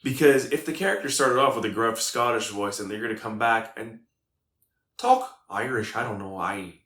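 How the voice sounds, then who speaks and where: A man's voice: medium pitch, animated, fairly quick, a bit bright. A man hosting a casual advice vlog on running tabletop games, joking and talking straight to his viewers. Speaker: tabletop game master and video host. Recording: echoey room with faint music.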